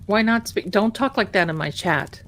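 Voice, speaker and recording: A woman's voice: mid-range voice, normal speed, a bit bright. An American woman hosting a casual livestream, chatty, repeating herself and sometimes dropping to a whisper. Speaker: livestream host.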